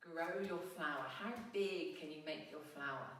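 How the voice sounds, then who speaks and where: A woman's voice: low voice, normal speed, noisy background. A middle-aged woman guiding a family yoga class with playful, encouraging cues for a child. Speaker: yoga instructor. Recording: echoey room, mic at a distance.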